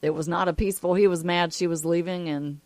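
A woman's voice: on the low side, steady tone, quick pace, darkish tone, no echo. A woman co-hosting a casual radio chat, chatty and opinionated. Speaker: radio co-host.

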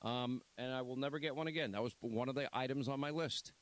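A man's voice: mid-range voice, quick pace. A man hosting a talk radio show, rambling and blunt, reading an ad and chatting casually. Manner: rambling, blunt, repeats himself.

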